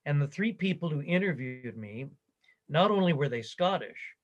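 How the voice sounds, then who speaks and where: An older man, the interviewee, recounting his career story in a conversation, animated and quoting others as he goes. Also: a little high, moderate pace, dull audio.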